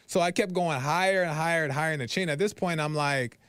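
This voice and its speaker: Animated man telling a frustrated story. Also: a little high, quick pace, clear, resonant tone, dry recording. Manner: animated storytelling, acts out phone calls, frequent "right?". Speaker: podcast host. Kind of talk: casual monologue.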